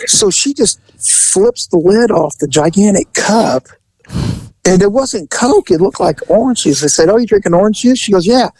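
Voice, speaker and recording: A man hosting a podcast, telling an animated story in casual chat, acting out the voices and laughing as he goes. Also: sits high, moderate pace, husky, no room sound, poor audio.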